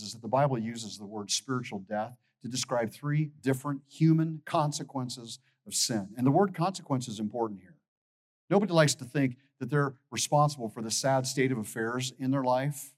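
A man's voice: medium pitch, normal speed. A man in his fifties preaching a sermon as a pastor, emphatic, often repeating words as he builds a point.

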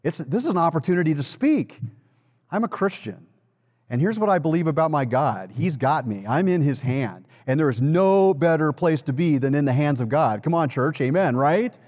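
A man's voice: on the high side, expressive, normal speed, a little mellow. Preaching man in a reverberant hall. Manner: conversational storytelling preacher, rises to emphatic peaks. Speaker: pastor. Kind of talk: sermon. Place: church sanctuary. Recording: long reverb of a large hall.

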